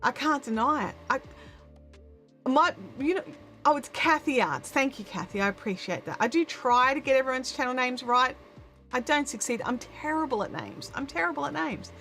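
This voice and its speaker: Australian woman, live-stream host, slightly high voice, rambling casual chat, faint background music. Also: expressive, moderate pace, pushed and bright. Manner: chatty, rambling with many restarts and fillers. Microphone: good studio microphone.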